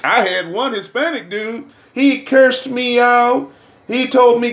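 A middle-aged man preaching and telling his own testimony, dropping to hushed murmurs and rising to loud shouts. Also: very high-pitched, normal speed. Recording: roomy echo.

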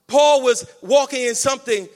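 A man preaching a sermon with energetic call-and-response, urging the congregation to answer back. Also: very high-pitched, moderate pace. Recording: long hall reverb.

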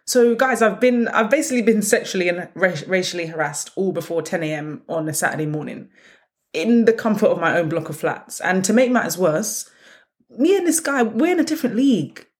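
A woman's voice: on the low side, brisk. Blunt sarcastic woman podcaster. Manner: blunt, sarcastic and animated storytelling. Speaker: podcast host. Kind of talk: casual solo podcast monologue.

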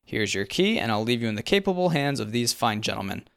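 A man's voice: medium pitch, lively intonation, fast talker, clean tone, pitched above the performer's own voice, close to an everyday voice. A man voicing a chirpy, upbeat adult male prison camp warden in a spoken story. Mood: peppy. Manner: chirpy camp-counselor pep, whiny when crossed.

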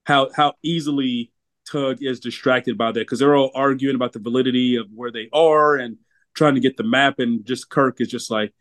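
Casual co-host reviewing a film, mid-pitch guy, rambles and repeats himself, dry close sound. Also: steady tone, normal speed, fairly bright tone, dry recording. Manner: rambling, repeats words, laughs while talking. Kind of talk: casual movie review chat.

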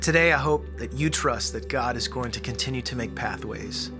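A man's voice: mid-range voice, moderate pace, music in the background. A man in his thirties giving an earnest devotional talk that builds to emphatic peaks. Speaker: guest speaker.

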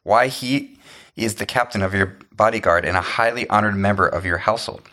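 A man's voice: fairly low pitch, brisk, pushed and bright. A man voicing a humble, loyal priest who pleads respectfully. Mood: pleading.

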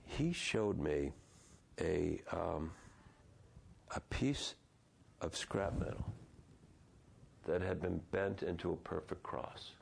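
Older guy in his 60s, really deep gravelly voice, stops and restarts a lot telling his story. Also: slight background noise. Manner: halting, restarts and repeats words. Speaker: interview guest. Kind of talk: reflective personal storytelling.

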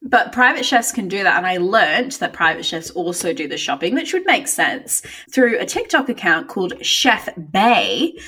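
A woman co-hosts a casual podcast in a mid-pitched voice. She chats playfully and breaks into laughter often. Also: big pitch swings, normal speed, few pauses, pushed and bright, slightly rough. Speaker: podcast co-host.

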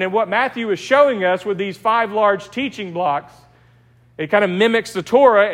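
A man's voice: sits high, a bit bright, in a large hall. A man with an East Texas accent preaching a sermon in a church, teaching in a conversational way with personal stories. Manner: conversational, anecdotal preaching with restarts. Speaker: pastor. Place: church sanctuary.

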